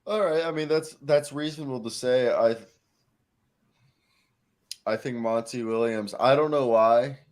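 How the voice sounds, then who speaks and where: A man's voice: mid-range voice, unhurried, long pauses. A young man co-hosting a basketball talk show, chatting casually and rambling through long stories full of fillers. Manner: rambling, filler-heavy, animated storytelling.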